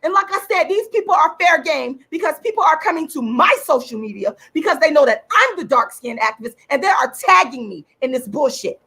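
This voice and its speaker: Furious, high, gravelly woman ranting. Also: big pitch swings, brisk, few pauses, sharp tone. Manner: furious, profane, repeats points for emphasis. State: enraged. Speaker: channel host and activist. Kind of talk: angry livestream rant.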